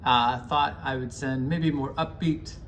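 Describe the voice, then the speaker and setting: A man's voice: mid-range voice, steady tone, unhurried, fairly bright tone, slight background noise. A man sending a casual video message to a friend, telling jokes in a hesitant way with many ums and restarts.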